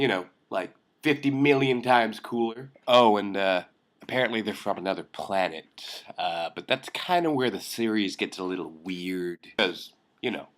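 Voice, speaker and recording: A young man hosting a comedic film commentary vlog, sarcastic and excitable, ranting with jokes. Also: fairly low pitch. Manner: sarcastic, excitable, jokey rants. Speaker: vlog host.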